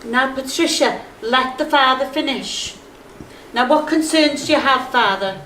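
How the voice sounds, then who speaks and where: A woman's voice: high-pitched, a little slow, pushed and bright, a little hiss or hum. An actress playing a flustered, easily scandalised Liverpool mother. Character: fretful respectable Liverpool mother. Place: theatre stage. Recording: roomy stage sound from far off, faint ambience.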